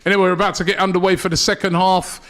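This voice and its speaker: A man hosting a live football watchalong, reading viewer comments in a relaxed, chatty way. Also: high-pitched, racing. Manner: laid-back, reads out viewer comments. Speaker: host.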